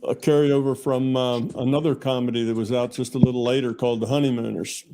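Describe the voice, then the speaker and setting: A man's voice: medium pitch, level tone, quick pace, warm tone. An older man answering as a guest in a casual chat, thoughtful and a little hesitant.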